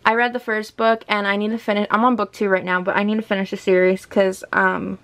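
A woman's voice: mid-range voice, flat delivery, fairly quick, fairly bright tone. A young woman chatting casually in a book vlog, gushing and chatty as she shows her shelves at home. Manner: gushing and chatty, often laughs. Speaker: book vlogger. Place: home room by a bookshelf.

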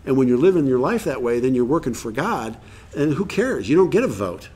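A man's voice: mid-range voice, big pitch swings, a little fast, darkish tone, slightly rough. Man giving a casual recovery workshop talk. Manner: conversational, reads passages aloud, acts out quotes. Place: live workshop event.

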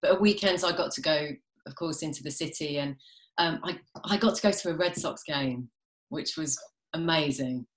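A woman's voice: low-pitched, normal speed, reverberant. A British woman in her thirties, a guest actress chatting casually about her work with frequent laughter. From England. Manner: chatty, self-deprecating, laughs often. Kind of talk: casual chat. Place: home during quarantine, video call.

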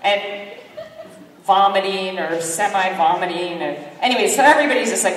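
A middle-aged woman giving a keynote talk, telling a story in an animated, self-mocking way and acting out the voices of others. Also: mid-range voice, moderate pace. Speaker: keynote speaker. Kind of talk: lively storytelling speech. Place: large sports hall. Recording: echoey hall from far off.

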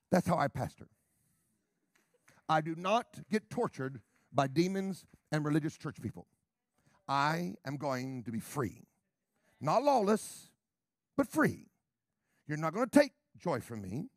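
A man's voice: on the high side, sing-song, a little slow, gravelly, pauses often, no room sound, studio quality. Brash, sarcastic American man preaching. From United States. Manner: sarcastic, brash, shifting from quiet asides to shouting. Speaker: pastor. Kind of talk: sermon.

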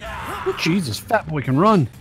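Gamer guy, high lively voice, yelps and swears, music under. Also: unhurried. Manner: excitable, swears a lot, yelps. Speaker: let's play player. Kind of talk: casual gameplay commentary.

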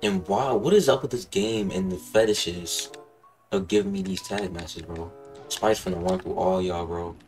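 A young man hosting casual gameplay commentary, excitable and profane, rambling and saying "bro" constantly. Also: low-pitched, normal speed, faint music behind. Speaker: gaming channel host.

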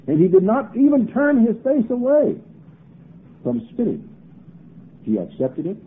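A preacher with a slightly husky voice delivers a sermon, reading scripture dramatically and pressing rhetorical questions. His pitch swings widely as he preaches. The sound is narrow and tinny, like an old 1980s broadcast recording. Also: huge pitch swings, unhurried.

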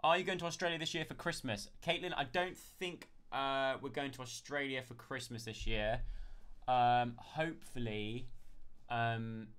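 A man's voice: medium pitch, fairly even intonation, unhurried, fairly bright tone, smooth. A man chatting casually on a live stream, thanking viewers one by one and answering their questions.

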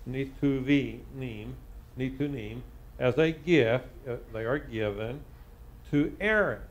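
Man slowly translating Hebrew in class. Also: medium pitch. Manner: slow, halting, reading Hebrew word by word and translating. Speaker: rabbi teaching a Torah class. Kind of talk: live Bible study lesson.

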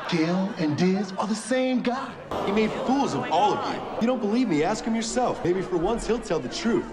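A man's voice: sits high, lively intonation, normal speed. An actor playing a vengeful young man who calls out a rival in front of a crowd, in a taunting, accusing manner. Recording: movie clip with loud background noise.

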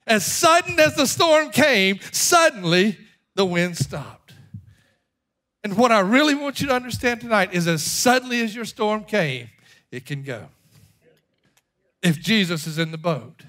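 High, bright-voiced preaching man. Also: big pitch swings, unhurried. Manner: emphatic preaching, swinging from hushed to shouting. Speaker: pastor. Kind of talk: sermon.

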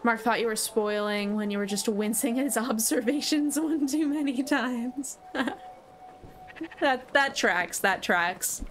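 Casting note: young woman streamer, casual and candid, laughs a lot, clear game music playing underneath. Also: fairly high pitch, a little slow, fairly bright tone. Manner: reads chat aloud, laughs often, chatty and candid. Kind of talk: casual live-stream chat while gaming.

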